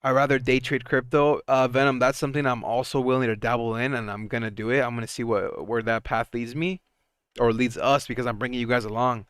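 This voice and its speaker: A man's voice: medium pitch, fairly quick, clean tone, dry recording, studio quality. Chatty young man streaming stock talk. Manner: excitable, chatty, laughs often, trails off and restarts. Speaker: stock market livestream host. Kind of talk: casual live commentary.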